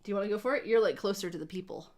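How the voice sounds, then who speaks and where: A woman's voice: medium pitch, very fast, darkish tone. A woman co-hosting a casual gaming livestream, rambling and joking about herself with frequent giggles. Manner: giggly, rambling, self-deprecating.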